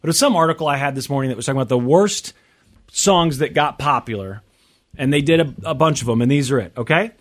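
A man hosting a talk show, chatting casually in a rambling, excitable way. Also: medium pitch. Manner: excitable, rambling, quick to interrupt. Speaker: radio show host. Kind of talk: casual studio chat.

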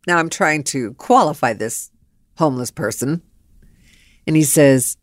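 A middle-aged woman hosting a podcast, telling stories in an animated, blunt way, laughing and swearing. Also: low voice, normal speed, no room sound, clean studio sound. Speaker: podcast host. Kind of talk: storytelling monologue.

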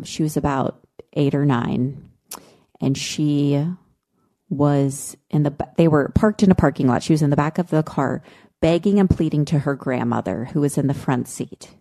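Brief: a woman co-host in casual chat, emotional and impassioned, with a warm, mellow, low voice. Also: measured pace. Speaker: podcast co-host.

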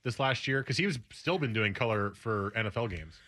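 A man's voice: lowish voice, expressive, fairly quick, pushed and bright. A man co-hosting a casual sports talk show, asking lots of questions and chiming in. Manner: curious, asks lots of questions. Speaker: sports radio co-host.

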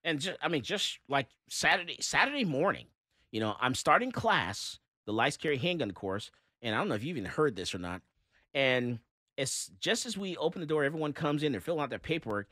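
Lively bright-voiced talk host. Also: male voice, on the high side, a little fast, dry recording, clean studio sound. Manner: animated storytelling, blunt opinions. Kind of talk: casual talk radio chat.

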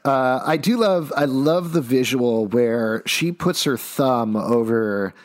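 A man's voice: medium pitch, slow pace, dry recording. A man co-hosting a podcast, recapping a comic story at length in a keen, casual way with many "uh" fillers. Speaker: podcast co-host. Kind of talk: casual comic book discussion.

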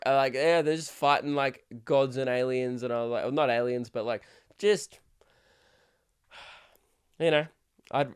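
A man's voice: mid-range voice, clear, resonant tone. A young man hosting a solo podcast, rambling crudely and laughing often. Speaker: podcast host. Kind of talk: casual solo podcast rant.

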